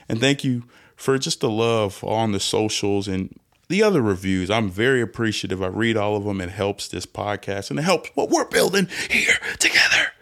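A young man hosting a solo podcast rant, animated and self-interrupting, swinging between loud bursts and hushed asides. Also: lowish voice. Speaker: podcast host. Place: indoors, lying down recording at home.

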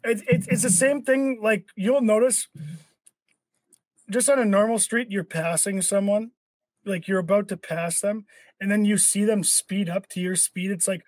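A man's voice: high-pitched, steady tone, normal speed, a little mellow, no echo. A young man hosting a casual podcast chat, ranting with lots of swearing. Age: young adult. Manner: profane, ranting. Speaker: podcast host.

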